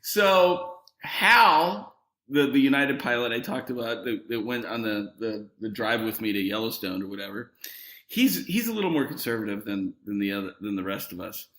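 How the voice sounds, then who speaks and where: Podcast guest, male, animated storyteller who laughs through it; lively delivery, bright tone. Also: mid-range voice, normal speed, echoey room. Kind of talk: casual storytelling.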